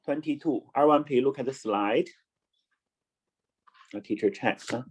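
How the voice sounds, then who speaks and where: A man with a husky, mid-range voice runs a children's online class, switching between Chinese and English while slowly repeating and spelling words. Audio quality is poor.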